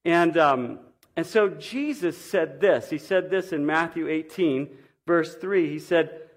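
A middle-aged man giving a sermon, telling a personal story earnestly and swinging between emphatic and hushed delivery. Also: on the high side, slow. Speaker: pastor.

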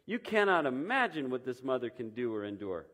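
A man's voice: medium pitch, very animated, brisk, a bit bright. The patient Creator, proud of his newest work, explains his plans with earnest fondness, as a man reads him aloud. His voice lifts a little above a plain reading tone, with only a slight change from the reader's own voice. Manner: earnest, explaining with fond pride. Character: patient, proud male Creator building mothers.

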